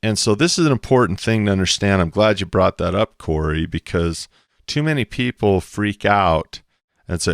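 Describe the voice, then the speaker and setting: A man with a very low, deep voice talks emphatically on a podcast. He acts out quoted back-and-forth exchanges as he explains. The sound is dry and close, with no room echo. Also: lively intonation, brisk, vocal fry. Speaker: co-host explaining investing. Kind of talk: animated podcast talk.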